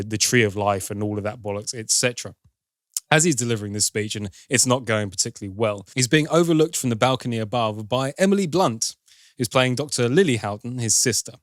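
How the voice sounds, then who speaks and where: A man's voice: on the low side, no echo, studio quality. A man, a podcast film reviewer, chattily retelling a film's plot with wry, sarcastic asides. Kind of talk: casual plot recap.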